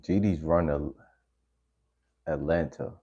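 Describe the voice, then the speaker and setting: Laid-back low-voiced man streaming. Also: slow, dark tone, husky. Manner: laid-back, rambling, slangy. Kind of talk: casual stream chat reacting to videos. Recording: slightly dull lo-fi audio.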